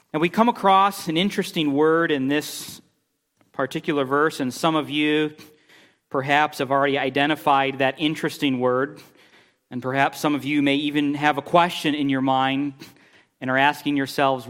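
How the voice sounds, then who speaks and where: A middle-aged man preaching a sermon, telling a story with animated, exasperated bursts. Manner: animated storytelling, rising pitch when exasperated. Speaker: pastor.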